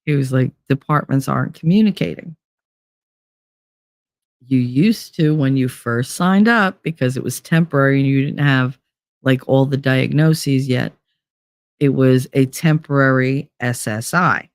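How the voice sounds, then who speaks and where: A woman's voice: very deep voice, a little slow, dry recording. Fired-up, foul-mouthed woman venting. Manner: profane, fired-up, blunt. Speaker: vlogger. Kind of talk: casual storytelling rant.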